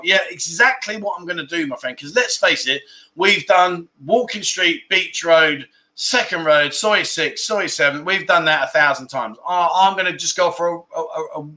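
A man's voice: a little high, bright, forceful tone. A man hosting a casual livestream, chatting and reading viewer comments, laughing often and tripping over his words. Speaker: livestream host.

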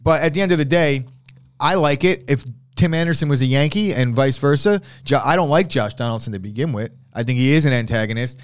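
A man's voice: medium pitch, brisk, clear, resonant tone. A man hosting a sports talk show, arguing his opinions bluntly in a casual debate and swearing now and then.

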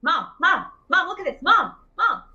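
A woman's voice: big pitch swings, normal speed, pushed and bright, dull audio, heavily acted. A woman voicing an upset four-year-old girl who whines and cries for her mother's attention. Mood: whiny. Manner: whiny, crying, high-pitched. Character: small upset little girl, about four, whiny.

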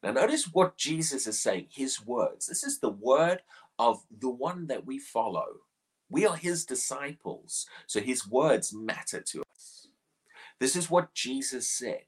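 A man's voice: mid-range voice, sing-song, unhurried, breathy edge. A man preaching a short morning devotional, earnest and questioning, often repeating words as he presses a point.

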